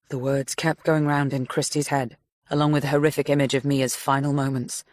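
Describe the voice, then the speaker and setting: A woman narrating a story audiobook in a measured, steady reading voice. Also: extremely low pitch, no room sound, clean studio sound. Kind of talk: scripted narration.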